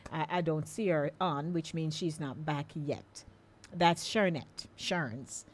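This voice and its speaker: Slow, low-voiced Jamaican woman hosting radio. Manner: chatty, slow and coaxing, invites callers. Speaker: radio show host. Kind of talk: live call-in radio chat.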